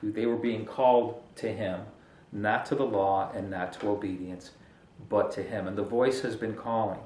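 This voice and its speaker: Joking, animated male pastor in echoey room. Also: fairly low pitch, moderate pace, slight background noise. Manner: casual, joking, bursts of emphatic animation. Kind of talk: conversational sermon.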